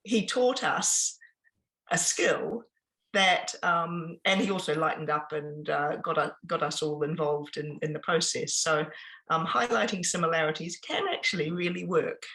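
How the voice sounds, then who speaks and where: A woman giving an informal business presentation, chatty and pausing often with ums and restarts. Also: sits low, fairly bright tone, poor audio. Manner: conversational, with frequent ums and restarts.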